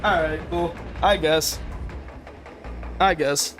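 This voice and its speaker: A man's voice: on the high side, slow pace, music in the background. A young man streaming a game, talking casually to chat, often exasperated, swearing and laughing. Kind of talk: casual livestream commentary.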